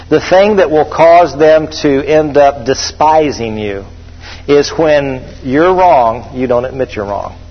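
Husky preacher in an echoey hall. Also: male voice, medium pitch. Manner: preachy, emphatic, calls out to the congregation. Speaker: pastor. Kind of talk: sermon. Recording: dull echoey hall recording.

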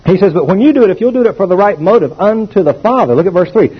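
A man preaching a sermon, emphatic and animated, calling on the congregation to repeat after him. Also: high-pitched, quick pace, few pauses, husky. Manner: emphatic, animated teaching with call-and-response. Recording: dull lo-fi old recording.

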